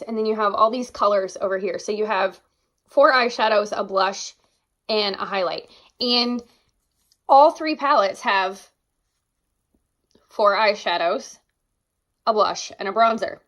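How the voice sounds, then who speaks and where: A woman's voice: mid-range voice, measured pace, long pauses, fairly bright tone. A young woman in a casual vlog, gushing enthusiastically over her favorite makeup products and exclaiming often. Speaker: beauty vlogger.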